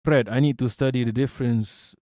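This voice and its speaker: A man's voice: mid-range voice, steady tone, a little fast, mellow, no room sound, studio quality. Blunt, profane man ranting on stream. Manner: emphatic, repetitive, profane, with frequent restarts and rhetorical questions. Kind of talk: casual livestream rant.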